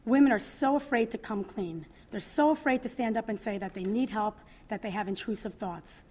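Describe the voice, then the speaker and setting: A woman's voice: medium pitch, darkish tone. Earnest woman reading a personal testimony. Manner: emotional, earnest, with pauses. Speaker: mother giving testimony. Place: public event, speaking at a podium.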